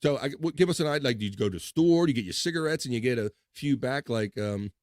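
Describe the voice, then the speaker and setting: A man co-hosting a live online chat show, joking and reading viewer comments between laughs. His voice sits at an ordinary pitch. The sound is dry and close, with no room around it. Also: animated, fast talker, darkish tone, dry recording. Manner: laughs often, jokey, reads chat comments aloud. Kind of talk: casual banter.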